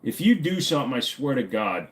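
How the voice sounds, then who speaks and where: A man's voice: medium pitch, sing-song, brisk. A man hosting a livestream in casual chat, joking and swearing freely with viewers. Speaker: streamer host.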